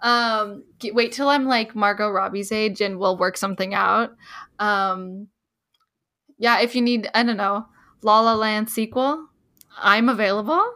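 A woman's voice: mid-range voice, measured pace, pushed and bright. A woman in her twenties co-hosting a film podcast, chatting in a bubbly, giggly, emotional way. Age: 20s. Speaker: podcast co-host. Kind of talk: casual chat.

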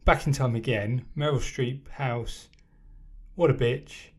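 A man's voice: medium pitch, fairly even intonation, slow pace. A man, trading sarcastic, exasperated banter as co-host of a casual film podcast. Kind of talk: casual chat.

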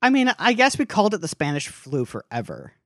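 Rambling man with a lively voice. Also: fairly high pitch, brisk, no echo, clean studio sound. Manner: rambling, filler-heavy, playful. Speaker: podcast co-host. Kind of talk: casual chat.

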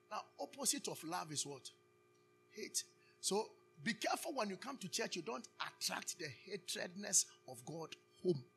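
A Ghanaian pastor preaches with a bright, husky voice, calling out questions for his listeners to finish. He switches between English and Twi as he goes. Faint music sits behind him. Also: high voice. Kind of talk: sermon.

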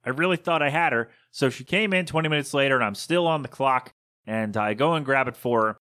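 A man's voice: medium pitch, brisk, sharp tone. A man hosting his own podcast, telling a story in a casual, rambling, digressive monologue. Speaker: podcast host.

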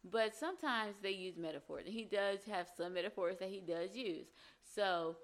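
A woman's voice: mid-range voice, normal speed. A woman giving casual relationship advice, explaining earnestly and acting out example phrases.

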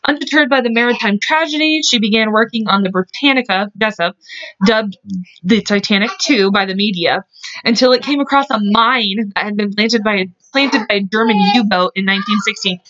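A woman's voice: medium pitch, brisk, a bit bright, no echo. A woman co-hosting a podcast in casual chat, reading history notes aloud in a chatty, blunt way with jokes and the odd swear. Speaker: podcast co-host. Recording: dull lo-fi recording.

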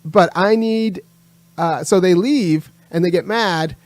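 A man's voice: sits high, slow pace, dry recording. A man hosting his own channel, giving an emphatic opinion monologue that repeats its points and lectures. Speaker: channel host.

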